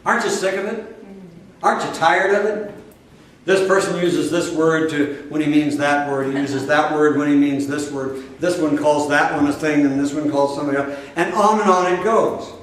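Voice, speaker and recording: A fairly high-voiced man preaches as a spiritual teacher, pressing his points home with emphatic repetition and direct questions to the room. His voice rings with heavy echo and sits well back from the microphone, as if recorded from afar in a large hall. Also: moderate pace, a little hiss or hum. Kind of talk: sermon to a live audience. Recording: very echoey room from a distance.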